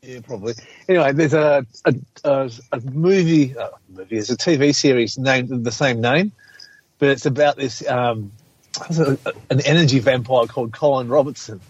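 A man's voice: medium pitch, normal speed, breathy edge, dry recording, muffled recording. A man chatting casually on a podcast, rambling and hesitant, often swearing. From Australia. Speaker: podcast co-host. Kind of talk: casual chat.

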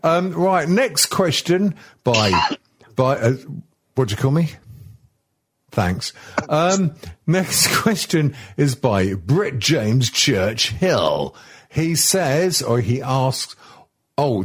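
Slow, rambling, husky-voiced man host. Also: medium pitch, sing-song. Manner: rambling, hesitant, swears a lot. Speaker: podcast host. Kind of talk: crude comedy podcast chat.

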